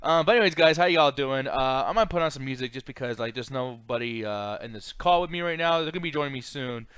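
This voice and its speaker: A young man streaming, chatting loosely with his viewers in slangy, sing-song talk, his throat a bit rough. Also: medium pitch, fast talker, fairly bright tone, no echo. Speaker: streamer host. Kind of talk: casual live-stream chat.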